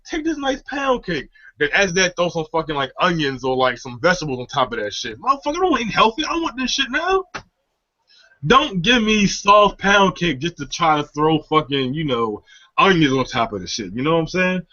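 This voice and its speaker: A man co-hosting a talk show, delivering a profane comic rant full of swearing and quick mimicry of others. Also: on the high side, very animated, pushed and bright. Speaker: podcast co-host. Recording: dull lo-fi audio.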